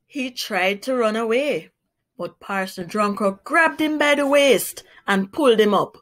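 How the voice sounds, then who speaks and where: A woman reading a children's story aloud, slow, clear and deliberate. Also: a little high, a bit bright.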